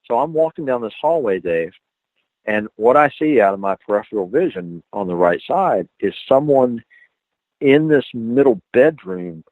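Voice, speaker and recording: A man's voice: moderate pace, no echo. A man, a paranormal researcher, telling a ghost story as a radio show guest, acting out the voices of his companions as he goes. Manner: animated, acts out quoted dialogue with pitch jumps. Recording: tinny phone line, dry.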